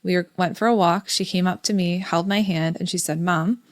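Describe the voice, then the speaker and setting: A woman's voice: fairly low pitch, steady tone, fairly quick. A woman in her thirties co-hosting a parenting podcast, chatting casually and telling family stories with reflective detail. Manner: reflective storytelling, quotes family dialogue. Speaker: podcast co-host.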